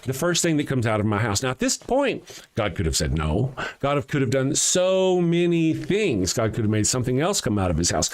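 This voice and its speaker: A man's voice: mid-range voice, normal speed. A man hosting a live stream, reading scripture aloud and breaking off into sarcastic, mocking asides. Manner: sarcastic, mocking asides with a lively swooping delivery. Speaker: host.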